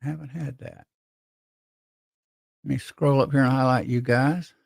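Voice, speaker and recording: A man of middle pitch hosts a relaxed live stream, chatting and reading comments from viewers. His voice carries a gravelly rasp, and he wanders from thought to thought with frequent restarts. The sound is dry and close, with no room around it. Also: unhurried, dry recording. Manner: rambling, reads viewer comments aloud, many restarts. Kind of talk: casual live stream chat.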